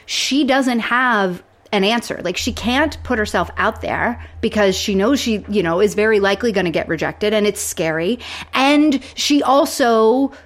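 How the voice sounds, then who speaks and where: A woman's voice: mid-range voice, a little slow. A woman co-hosting a podcast, chatting casually about sitcoms and acting out quoted lines with energy. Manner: animated, acts out quoted lines. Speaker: podcast co-host.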